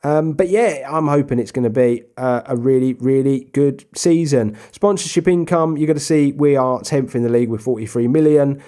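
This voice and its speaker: A young man casually commentating his own football management game, chatty, with sudden bursts of excited shouting. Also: mid-range voice, normal speed, few pauses. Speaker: gaming YouTuber. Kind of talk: casual Let's Play commentary.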